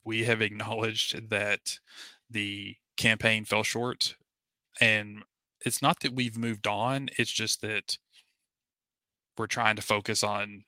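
A man's voice: on the low side, flat delivery, slow, sharp tone, no echo. A man co-hosting a gaming podcast, talking casually and earnestly with many fillers and restarts. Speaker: podcast co-host. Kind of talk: casual chat.

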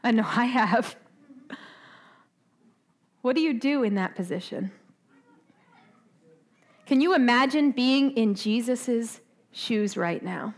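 High-voiced woman preaching conversationally. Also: expressive. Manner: conversational, asks the audience questions, often adds "right?"; slows down for emphasis. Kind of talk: sermon.

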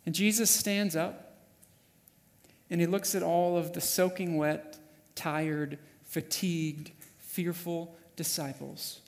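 A man preaching a sermon, telling a story vividly and swinging from hushed passages to loud, urgent ones. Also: fairly high pitch, little pitch movement, takes it slowly, big-room sound. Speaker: pastor. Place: church sanctuary.

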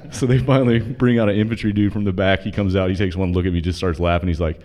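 A man's voice: lowish voice, brisk. A man from North Carolina, a podcast guest, telling stories casually with plenty of profanity and acted-out dialogue. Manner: profane, animated, quotes dialogue in his story. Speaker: podcast guest, former Army officer. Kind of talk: casual storytelling.

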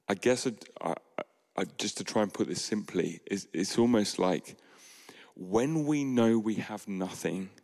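A man delivers an earnest sermon, mostly soft and measured but rising into sudden emphatic bursts. His voice sits low with a gravelly edge. The hall around him rings with a long reverb. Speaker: pastor.

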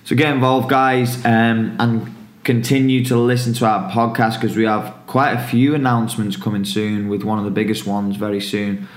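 Low, flat-voiced man hosting a podcast. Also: moderate pace, echoey room. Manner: laid-back, promotes the show's coaching camps. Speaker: podcast host and football coach. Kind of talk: casual podcast chat.

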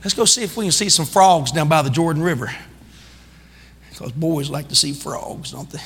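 A man preaching a sermon as pastor, calling out to the congregation and building into shouting. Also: on the high side, animated, normal speed, big-room sound, slight background noise. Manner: calls out to the congregation. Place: church sanctuary.

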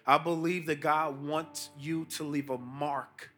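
Speaking slowly with fairly even intonation and a bright, forceful tone, this middle-aged pastor and team chaplain delivers an emphatic sermon sprinkled with casual slang. He climbs high on the key points while faint music plays behind him.

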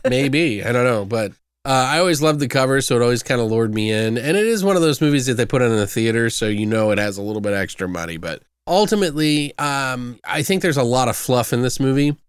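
A man's voice: mid-range voice, animated, a little fast, clean tone, dry recording, clean studio sound. A young man co-hosting a casual movie review podcast, rambling and loose, swearing freely, with lots of fillers.

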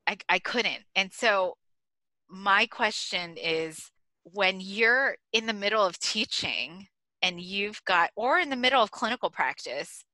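A woman's voice: medium pitch, lively intonation, measured pace, sharp tone, no echo, low-quality recording. A middle-aged American woman co-hosting a podcast, telling a story animatedly and laughing as she goes. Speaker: podcast co-host. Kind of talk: casual storytelling chat.

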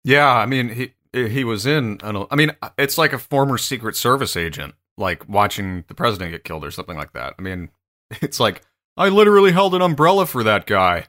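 A man's voice: fairly low pitch, a little fast, pushed and bright. A man co-hosting a podcast, chatting casually and cracking playful jokes. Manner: jokey, playful asides. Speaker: podcast co-host.

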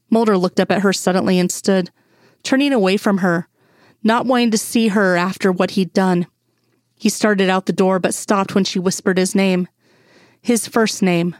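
A woman narrating a fan fiction story in a steady, measured way. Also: medium pitch, dry recording, clean studio sound. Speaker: audiobook reader.

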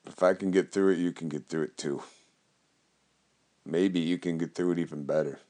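A man speaking slowly and earnestly about spiritual guidance, his voice dropping low and quiet at times. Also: steady tone. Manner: slow, earnest, gets emotional and quiet. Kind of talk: spiritual talk to camera.

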